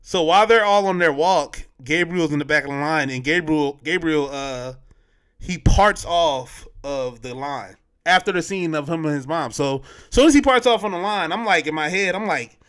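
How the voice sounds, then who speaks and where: A man's voice: a little high, moderate pace, fairly bright tone, clean tone. A man hosting a podcast, recapping a film in loose, slangy casual chat, full of fillers and restarts. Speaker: podcast host.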